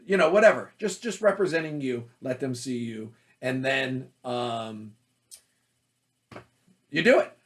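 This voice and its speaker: Loud, energetic male acting coach. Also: mid-range voice, slow pace, pauses often. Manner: loud, forceful, energetic delivery. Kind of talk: teaching talk on auditioning.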